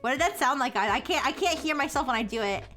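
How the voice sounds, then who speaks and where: Giggly high-voiced young woman streamer. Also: expressive, fast, sharp tone, faint music behind. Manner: giggly, rambling, self-mocking. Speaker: VTuber streamer. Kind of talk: casual live-stream chat.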